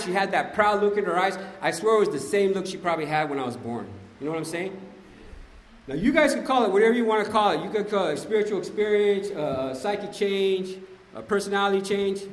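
A man tells the group his recovery story, his voice somewhat high and full of animation and slang. He frequently speaks straight to the room, and the hall lends a long reverb.

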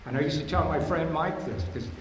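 Rambling older man sharing in an echoey hall. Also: a little fast. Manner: rambling, repeats phrases, blunt streetwise talk; bursts louder and higher on punchlines. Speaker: speaker at a recovery meeting. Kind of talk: personal recovery share. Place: meeting hall. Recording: echoey hall with room hum.

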